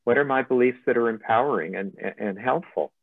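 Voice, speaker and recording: A man's voice: medium pitch, fairly quick, vocal fry, dry recording. A man, a motivational coach, giving a webinar presentation over a video call. He talks conversationally and tells humorous anecdotes. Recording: thin phone-like line, dry.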